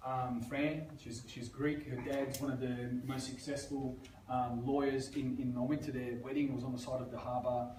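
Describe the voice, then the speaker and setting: A man's voice: medium pitch, level tone, moderate pace, hardly any pauses, a little mellow. A man, a coach telling stories in casual seminar talk and swearing freely. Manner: swears a lot, storytelling with acted quotes. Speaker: life coach. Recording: echoey room, far from mic, faint noise.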